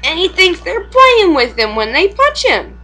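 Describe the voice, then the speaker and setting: A woman's voice: extremely high pitch, big pitch swings, measured pace, sharp tone, faint music behind, poor audio. A young woman and mother chatting casually at home for a vlog, rambling, swearing freely and laughing often.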